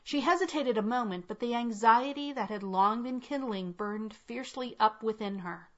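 A woman narrating a classic tale in a measured, unhurried reading. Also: on the high side. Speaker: audiobook reader. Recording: dull lo-fi recording.

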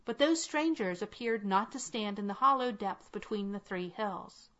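A woman narrating a classic tale in a measured, unhurried reading. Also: mid-range voice, lively intonation, a bit bright. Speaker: audiobook reader. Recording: dull lo-fi recording.

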